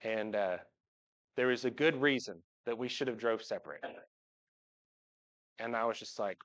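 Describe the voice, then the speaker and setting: A man's voice: on the low side, normal speed, a bit bright, lo-fi sound. A man, giving a heartfelt, joking personal talk to his church congregation. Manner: joking storyteller, voice jumps up when imitating. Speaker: church member speaking to the congregation. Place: church sanctuary.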